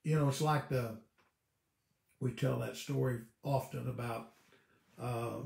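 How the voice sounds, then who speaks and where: A man, a pastor teaching a Bible study in a folksy, storytelling way with halting restarts. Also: mid-range voice, fairly even intonation, gravelly, a little mellow, echoey room.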